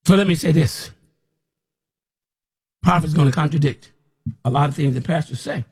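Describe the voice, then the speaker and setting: A man's voice: fairly high pitch, moderate pace, darkish tone, husky. A man who calls himself a prophet, preaching in a blunt, scolding and rambling way, often repeating himself. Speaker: self-described prophet. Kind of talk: preaching to camera.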